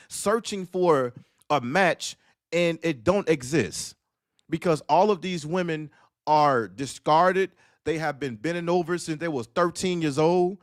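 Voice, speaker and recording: A man's voice: a little high, no echo, clean studio sound. A man talking on a streamed panel discussion, telling stories bluntly and preaching with profanity. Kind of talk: casual streamed panel talk.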